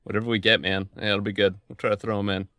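Low, bright-toned man, dry sound. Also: level tone, fast talker, no echo. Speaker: podcast co-host. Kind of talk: casual chat.

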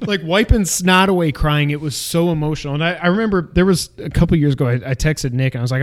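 A man's voice: on the high side, quick pace, darkish tone. A man co-hosting a podcast, gushing and rambling in casual chat. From Canada. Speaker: podcast co-host.

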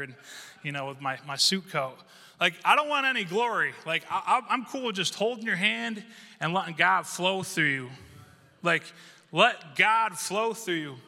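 A male pastor giving a conversational, humorous storytelling sermon in a church, animated and acting out quotes. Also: high-pitched. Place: church sanctuary. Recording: reverberant church hall.

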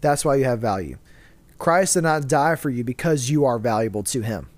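A man's voice: medium pitch, expressive, moderate pace, no echo. A man hosting a casual faith discussion, explaining his view earnestly and answering his own rhetorical questions. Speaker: podcast host.

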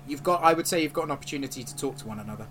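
A man's voice: a little high, racing, fairly bright tone. A man narrating as game master, rambling along with many fillers.

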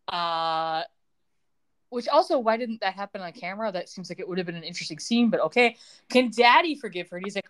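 A woman's voice: medium pitch, expressive, moderate pace, a bit bright. Wry woman recapping a TV soap. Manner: sarcastic, quips and laughs while retelling scenes. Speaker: podcast host recapping a TV episode. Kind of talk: casual chat.

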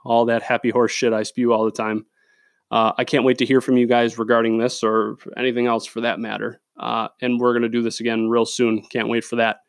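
Man, podcast host, creaky voice, dry close mic, opinionated and profane. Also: medium pitch, flat delivery, a little fast, dry recording. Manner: blunt, profane, opinionated, with many fillers. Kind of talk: solo sports podcast rant. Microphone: studio microphone.

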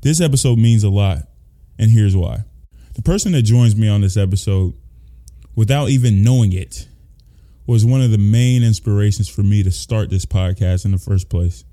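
A man's voice: fairly low pitch, moderate pace, mellow. A man hosting a podcast in casual chat, hyped and playful, talking with a lot of energy. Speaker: podcast host.

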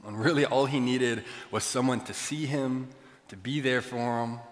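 A young man preaching, telling a self-deprecating story in an animated way to his church. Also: medium pitch, moderate pace. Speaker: pastor. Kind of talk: storytelling sermon. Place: large church hall. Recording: long hall reverb.

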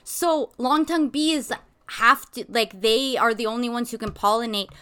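A young woman chats on a podcast in a bright, clear tone. She rambles a bit, fills gaps with "like", and keeps slipping into giggles. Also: fairly high pitch, normal speed. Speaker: podcast co-host. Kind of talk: casual chat.

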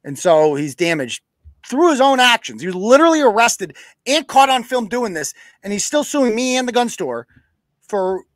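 New guy ranting on his live show, swears a lot, high voice that jumps all over, dry sound. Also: sing-song, normal speed, no room sound. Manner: profane, blunt, acts out quoted exchanges. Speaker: podcast host. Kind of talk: casual live-show rant.

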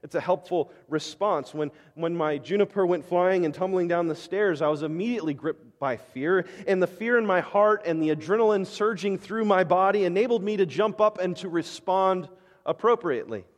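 A man's voice: sits high, normal speed, in a large hall. A man preaching a sermon as pastor, telling the scripture story dramatically and acting out the disciples' outbursts in voice.

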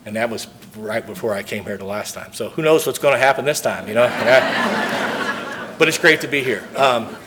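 A man's voice: medium pitch, expressive, normal speed, over a noisy crowd, heavy background noise. A man speaking from a podium at a recovery convention, telling his story earnestly and acting out the dialogue. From St. Louis, Missouri.

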